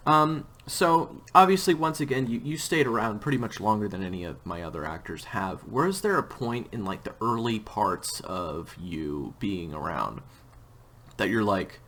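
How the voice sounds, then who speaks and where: A man's voice: on the low side, very animated, normal speed, sharp tone. A man hosting a casual interview about his audio drama, rambling a little as he asks questions. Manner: rambling, with frequent restarts and tangents. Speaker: host and audio drama creator.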